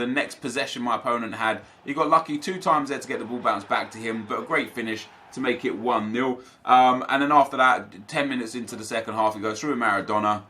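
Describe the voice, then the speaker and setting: This male gaming YouTuber is young, with a bright, medium-pitched voice. Chatty and upbeat, he recaps matches to his viewers in casual gameplay commentary.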